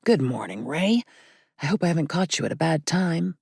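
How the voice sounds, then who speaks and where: Kindly older priest, voiced by a woman, soft and encouraging, low pitch with some gravel. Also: big pitch swings, moderate pace, no echo, clean studio sound, exaggerated voice. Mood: reassuring.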